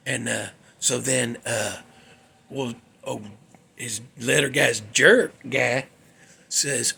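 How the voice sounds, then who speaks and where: A man hosts his own show with a casual storytelling monologue. His voice sits high and has a husky, gravelly grain. He talks in a folksy, salty way and gets worked up as he goes. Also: measured pace, a bit bright. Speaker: host.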